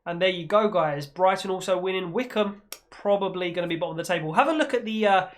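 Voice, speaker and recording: A man, hosting a gaming channel and giving playful, excitable football commentary over his own gameplay. He breaks into mock-commentator shouts when the action peaks. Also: sits high, fast.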